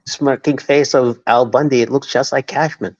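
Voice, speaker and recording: A man on a sports livestream, sarcastic, stretching his stories out slowly. His pitch is ordinary. His audio comes through dull and lo-fi, like a weak stream feed. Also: steady tone. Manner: sarcastic, drawn-out storytelling. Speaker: co-host. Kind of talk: casual sports call-in chat.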